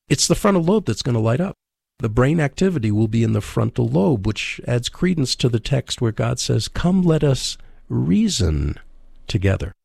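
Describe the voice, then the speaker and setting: A man hosting a faith-based radio show, teaching about relationships with emphatic, preacher-like delivery and pauses for emphasis. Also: lowish voice, gravelly, darkish tone, dry recording, studio quality.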